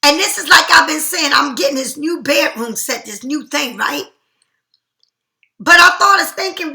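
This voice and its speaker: A woman giving a casual, chatty tarot reading in an animated, slangy way. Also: sits high, normal speed, gravelly, echoey room. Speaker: tarot reader.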